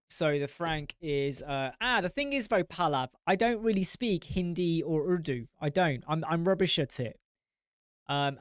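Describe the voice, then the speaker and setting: Male host, smooth dry close-mic voice, blunt ranting live-chat style. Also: a little high, no echo. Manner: blunt, rambling, swears. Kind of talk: casual live-stream chat.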